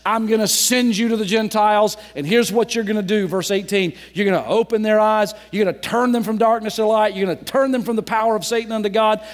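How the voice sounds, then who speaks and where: A man preaching a sermon as pastor, swinging from loud emphatic lines to soft, slowly drawn-out phrases. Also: high voice. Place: church sanctuary. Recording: church hall reverb.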